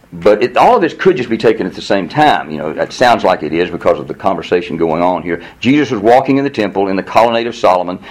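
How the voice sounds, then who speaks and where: Animated male pastor preaching. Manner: animated, acts out quotes with rising pitch; conversational, with laughs and audience asides. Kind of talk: sermon.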